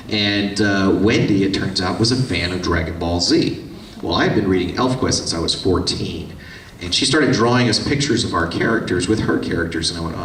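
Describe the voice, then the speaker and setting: A man's voice: on the low side, fairly bright tone. A man, telling chatty stories on a convention panel and taking audience questions, acting out quoted voices as he goes. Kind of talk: casual storytelling with audience questions. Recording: echoey room, distant mic, faint hiss.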